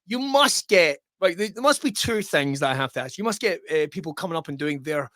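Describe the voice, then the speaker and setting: Male podcast host, playful, laughs a lot, high pitch, dry close recording. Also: animated, a bit bright, no room sound. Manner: jokey, laughs often, quick interjections. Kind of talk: casual podcast chat.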